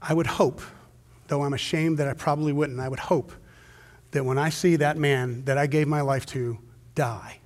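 A male pastor preaching a sermon, swinging from hushed, slow storytelling to loud, intense emphasis. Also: fairly high pitch, fairly even intonation. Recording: long hall reverb.

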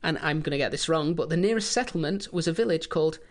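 A man co-hosting a casual history podcast, telling the story with a dry, deadpan, sarcastic manner. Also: fairly high pitch, fast. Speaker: podcast co-host.

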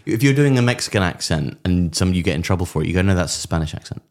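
Brief: male comedy podcast co-host, very low voice, dry deadpan delivery. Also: rapid-fire. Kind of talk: casual comedic chat.

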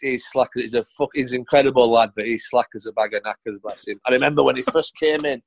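A man's voice: mid-range voice, fairly even intonation, quick pace, gravelly, breathy edge, dry recording, rough recording. A middle-aged man, a former footballer telling blunt, sweary stories in a casual interview. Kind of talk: casual anecdotal storytelling.

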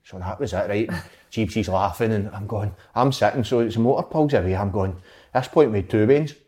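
Reminiscing about his football career, this Scottish ex-player chats loosely and meanders from story to story, swearing now and then. His voice is fairly low and warm, and he speaks fairly quickly.

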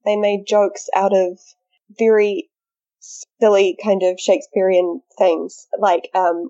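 A woman's voice: medium pitch, mellow, lo-fi sound. A woman on a podcast panel, chatting casually, rambling and laughing as she talks. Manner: giggly, rambling with fillers. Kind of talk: casual discussion.

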